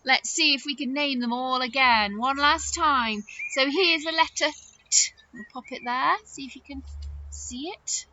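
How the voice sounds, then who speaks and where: A woman teaching a phonics lesson to young nursery children, animated and sing-song, with gasps of surprise and slow, drawn-out words. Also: sits high, dull audio, noisy background.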